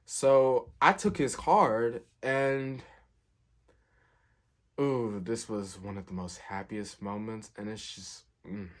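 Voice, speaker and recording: Chatty young man telling a story. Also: slow pace. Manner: chatty and animated, acting out quotes with lively pitch jumps. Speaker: storyteller, fast food worker. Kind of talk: casual storytime vlog.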